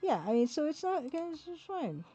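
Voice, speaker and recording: A woman's voice: high-pitched, big pitch swings, brisk, dark tone, muffled recording, soft background music. A woman with a Canadian accent, chatting casually and self-deprecatingly with her viewers while she works on pixel art. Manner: rambling, self-deprecating, talks to her chat. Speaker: artist streaming her work. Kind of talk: casual livestream chat while drawing.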